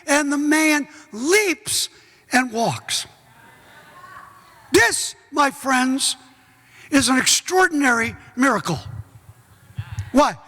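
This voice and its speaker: A middle-aged man preaching a sermon as pastor, folksy and joking, bursting into shouts. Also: extremely high pitch, sing-song, slow, long pauses, slightly rough. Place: large church hall. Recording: echoey church hall.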